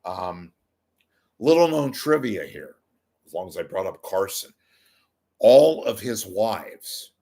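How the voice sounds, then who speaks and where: An older man hosting a livestream, chatting casually in a rambling, self-mocking way. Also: low voice. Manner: rambling, self-deprecating joking. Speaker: livestream host. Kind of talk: casual chat.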